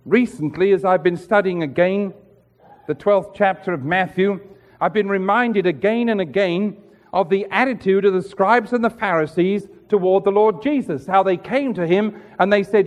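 A man's voice: high-pitched, moderate pace. A man preaching a sermon in an earnest, rhetorical way, acting out the voices he quotes. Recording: hall reverb.

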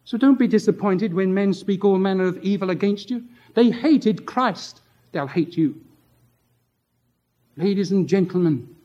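A man's voice: high voice, unhurried, pauses often. A male pastor preaching an impassioned sermon, drawing out words for emphasis. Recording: dull lo-fi sermon tape.

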